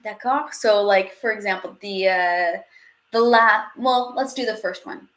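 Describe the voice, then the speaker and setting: A woman's voice: mid-range voice, unhurried, fairly bright tone. A young woman teaching a live online language class, chatty, laughing often and dropping French phrases into her English. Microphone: webcam or headset on video stream.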